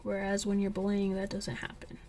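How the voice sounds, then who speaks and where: A young woman and coloring channel host chatting casually as she tells a story, slipping into whispers when excited. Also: medium pitch, brisk, slight background noise. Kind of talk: casual chat while coloring.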